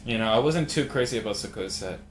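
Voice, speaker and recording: A man's voice: medium pitch, expressive, fast, slight background noise. A man hosting a casual live stream, joking around and reading chat messages aloud. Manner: laid-back, jokey, reads chat aloud.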